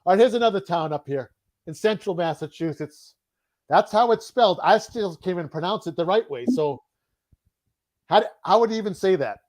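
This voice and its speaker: A man with a Boston accent and a high-pitched voice hosts a live online chat over a video call. He is upbeat and repeats his key words as he quizzes his guest. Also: animated, brisk, a little mellow. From Boston, USA. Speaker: host.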